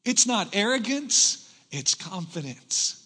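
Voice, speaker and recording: A man preaching a sermon in a church, animated and joking with the congregation as he goes. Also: high voice, takes it slowly, husky, long reverb tail. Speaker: pastor. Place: church hall.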